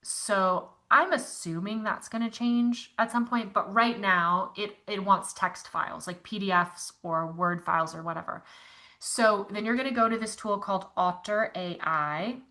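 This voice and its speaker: Woman, bright tone, chatty, encouraging, live online class, video call mic. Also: mid-range voice, a little slow. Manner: chatty, encouraging, reads chat comments aloud. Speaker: yoga teacher leading an online class.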